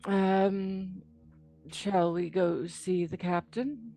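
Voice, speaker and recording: Slow-talking woman playing a tabletop game. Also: fairly low pitch, fairly even intonation, vocal fry, mellow. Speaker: player. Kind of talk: tabletop role-play.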